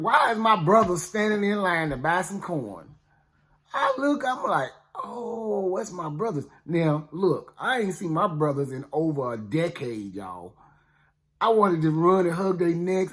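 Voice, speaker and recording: A man retelling a Bible story in first person, in a casual, slangy way with frequent asides to the listeners. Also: a little high. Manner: chatty, slangy, with many "you know what I'm saying" asides. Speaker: storyteller for a ministry.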